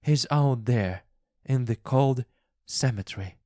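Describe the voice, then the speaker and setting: A man voicing a grieving older woman who is desperate and frantic, with shrill, pleading cries. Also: slow, mellow, dry recording, clean studio sound, lightly acted. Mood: bitter.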